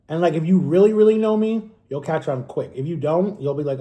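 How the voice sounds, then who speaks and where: A Florida man in his thirties vlogs while eating on camera, his fairly high voice mellow, lively and fairly quick. He rambles candidly through his story, correcting himself as he goes.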